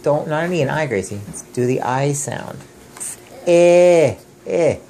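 A man's voice: mid-range voice, expressive, normal speed, a little mellow, slight background noise. A man, the father, patiently coaching his young daughter through reading words at home, sounding out letters and encouraging her again and again. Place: family home.

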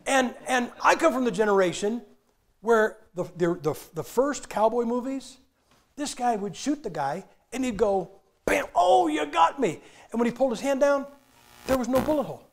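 High-voiced folksy older man preaching. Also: animated, moderate pace. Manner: folksy, joking, acts out movie scenes. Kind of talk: humorous sermon storytelling. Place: church.

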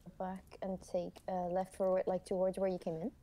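Low-voiced woman giving game directions. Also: monotone, brisk, mellow. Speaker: game guide. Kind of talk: casual gameplay chat.

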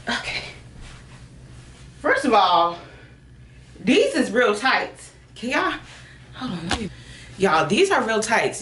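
A young adult woman doing a casual shapewear try-on for her viewers, chatty and animated, calling them girl and y'all, often jumping into high excited squeals. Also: a little hiss or hum. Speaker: beauty vlogger reviewing shapewear. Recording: echoey room.

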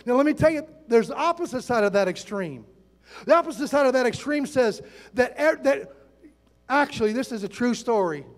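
High-voiced preacher in a reverberant hall. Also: male voice, normal speed. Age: 60s. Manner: animated storytelling, acts out quotes. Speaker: pastor. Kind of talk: sermon. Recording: long reverb in a large hall.

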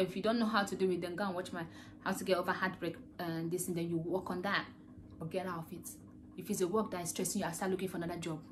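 A woman's voice: medium pitch, slight background noise. A woman host giving an earnest, rambling motivational talk full of rhetorical questions. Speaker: podcast host.

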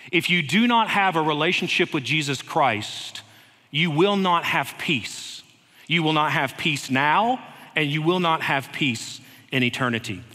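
A man's voice: a little high, sharp tone. Earnest male preacher in a reverberant sanctuary. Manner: earnest, unhurried, with light humor. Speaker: head of school preaching. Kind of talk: sermon. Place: church sanctuary. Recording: long reverb of a church hall.

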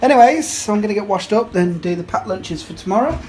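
A man's voice: high-pitched, quick pace, a little mellow. A man, talking casually to camera about his evening at home and chatting with his children, cheerful and laughing often. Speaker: family vlogger. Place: family home kitchen, indoors. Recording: noisy home recording.

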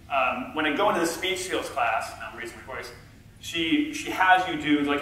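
A middle-aged man giving a conference talk from a stage, a self-confessed low talker who is chatty and self-deprecating and talks back and forth with the audience. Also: brisk, sharp tone, a little hiss or hum. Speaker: conference speaker. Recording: echoey hall, heard from far off.

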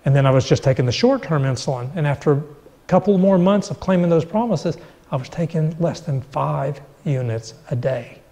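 A man's voice: on the high side, normal speed, warm tone, long reverb tail. A middle-aged man sharing a personal faith testimony, acting out the dialogue as he tells it. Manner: storytelling, acts out quoted dialogue. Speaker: guest.

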